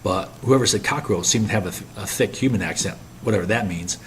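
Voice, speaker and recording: A man reading a mocking young sailor who answers in a deadpan, sarcastic way. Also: lowish voice, quick pace, a little hiss or hum, natural voice. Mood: sly.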